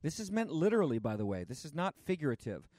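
Earnest man preaching, slightly high voice. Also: big pitch swings, dark tone, dry recording, studio quality. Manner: earnest, halting, many fillers. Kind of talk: sermon.

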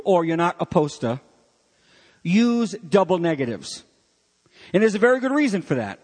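A man preaching with a high, lively voice, mixing jokes into his sermon. His voice carries a long hall reverb, as from a church sanctuary. He works to keep the congregation following along. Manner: animated, jokey preacher. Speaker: pastor.

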